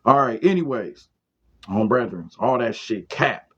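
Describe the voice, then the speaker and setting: A man giving a casual, profane monologue on esoteric topics, swinging between loud rants and muttered asides. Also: medium pitch, expressive, unhurried, breathy edge. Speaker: esoteric lecturer. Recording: dull lo-fi sound.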